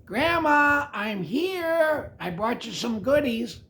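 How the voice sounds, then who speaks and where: A sweet little storybook girl in a red hood, voiced by a man high up in a squeaky, sing-song tone. Every word is slow and wide-eyed, and the pitch rises and falls in big leaps. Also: very animated, bright, forceful tone, full character voice.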